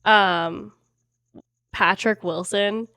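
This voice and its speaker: A woman's voice: medium pitch, fairly even intonation, drawn-out words, sharp tone, no room sound, clean studio sound. Laid-back woman podcast guest. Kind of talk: casual chat between friends. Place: apartment.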